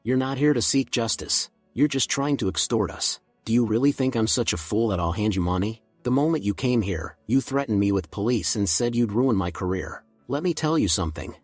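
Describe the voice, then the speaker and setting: A man voicing an arrogant teenage boy who speaks calmly and bluntly. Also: lowish voice, a little fast, hardly any pauses, no room sound, soft background music. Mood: taunting. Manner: calm smirking.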